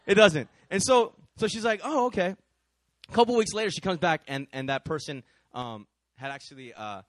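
A man preaching through a personal story, animated, with lots of repeated fillers and laughter. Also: on the high side, dry recording. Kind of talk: storytelling sermon.

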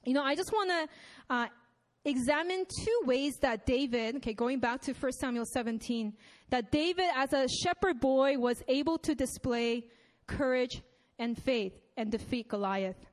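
A woman's voice: high voice, normal speed. A young woman preaching a sermon in a conversational way, reading scripture and chatting with many asides and fillers. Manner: reads scripture aloud.

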